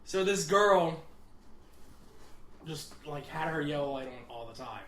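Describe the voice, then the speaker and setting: A young man telling a story on a casual podcast, animated and swearing, laughing at himself as he goes. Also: a little high, a little slow. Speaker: podcast co-host. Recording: roomy echo.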